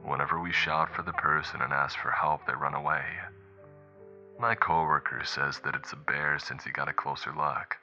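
A man's voice: a bass voice, steady tone, measured pace, pushed and bright, muffled recording, faint music behind, heavily acted. A man doing a subdued stranded captain. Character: frightened male airline captain, recorded log.

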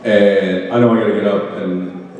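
A man who is an actor guest on a convention panel, telling a humorous anecdote to a live audience. He tells it in an animated way, laughing and often repeating phrases. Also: fairly low pitch, moderate pace. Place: large convention hall stage. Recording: echoey hall audio from far off.

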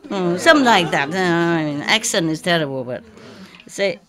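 Slow-talking woman teacher, joking lecture tone, audience audibly laughing behind. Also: mid-range voice, big pitch swings, over a noisy crowd. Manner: playful, joking storyteller who imitates cat meows. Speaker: spiritual teacher giving a lecture. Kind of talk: informal lecture anecdote to an audience.

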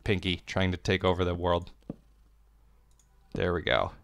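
A man's voice: low-pitched, a little slow, creaky, a little hiss or hum. A man streaming a game and chatting playfully, swearing freely and cooing baby talk. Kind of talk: casual live-stream chat. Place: home.

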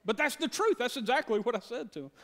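A pastor in his thirties delivers a sermon with a notably high-pitched voice for a man. He talks folksily and with humor, doubling words as he goes. His delivery is that of a plain-spoken preacher chatting with his flock. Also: animated, fast talker, a bit bright. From Georgia, USA. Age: 30s. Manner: folksy, joking, stammers and repeats words.

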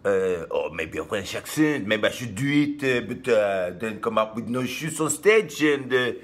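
A middle-aged man from Sweden with a Swedish accent, a comedian talking casually to camera in a halting, self-deprecating way with many fillers. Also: fairly low pitch, lively intonation. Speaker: comedian vlogger. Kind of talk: casual vlog talk.

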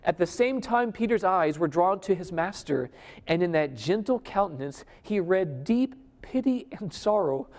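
A man preaching a sermon at a conference. He swings between loud emphasis and a hushed near-whisper, and he keeps asking the audience questions. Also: high voice, lively intonation, a little slow. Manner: addresses the audience directly with questions. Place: conference hall before a live audience. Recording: long hall reverb.

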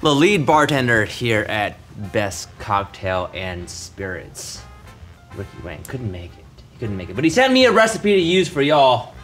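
A man playing a hammy showman bartender for comedy, swinging from loud hype to mumbled asides, with music behind. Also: mid-range voice, sing-song, moderate pace. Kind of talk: comedic in-character banter. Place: bar set.

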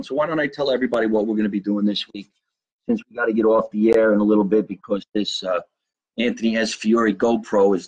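A man's voice: lowish voice, slightly rough. A middle-aged man with a New Jersey accent, a comedian from Jersey City, chatting casually on a live stream and reading out fan comments in a brash, profane, joking way. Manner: brash, profane, jokey, slows down to spell out contact details.

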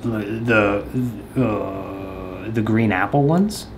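A man's voice: on the low side, very slow, a little hiss or hum. A man vlogging casually at home, rambling with lots of hesitant ums and jokey asides. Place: at his house.

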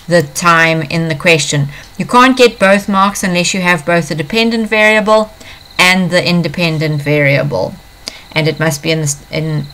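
Woman science teacher, slightly low voice, patient walkthrough of an exam paper, repeats key points. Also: a bit bright. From South Africa.

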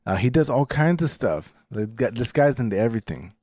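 Emphatic, lively male podcast co-host. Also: medium pitch, brisk. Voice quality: emphatic, swearing, gives encouraging shout-outs. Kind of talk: casual chat.

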